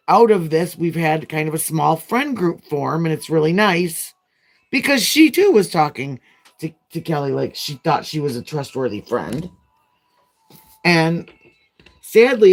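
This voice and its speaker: Chatty woman rambling while doing nails. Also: sits low. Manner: chatty, rambling, frank storytelling. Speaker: nail vlogger.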